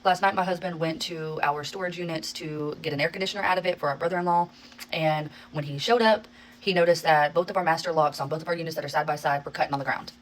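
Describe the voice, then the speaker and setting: Woman vlogger with a low voice, talking fast and swearing freely; casual phone-recorded storytime. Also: steady tone, slight background noise, rough recording. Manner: rapid, profanity-laced, exasperated retelling. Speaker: social media creator.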